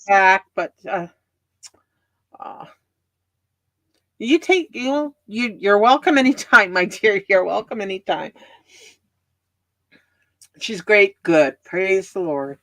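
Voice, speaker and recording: A woman chatting on a live stream in a gentle, kindly way. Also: mid-range voice, animated, no echo. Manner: gentle, unhurried, kindly, says "my dear". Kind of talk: casual chat.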